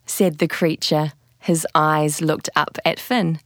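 A woman narrating a picture book aloud in a slow, expressive storytelling manner. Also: low voice, dry recording, studio quality.

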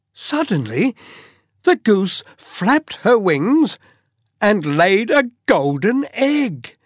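A storyteller reading a fairy tale aloud at a very slow, deliberate pace. The pitch rises and falls with great expression. The recording is close and dry. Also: dry recording.

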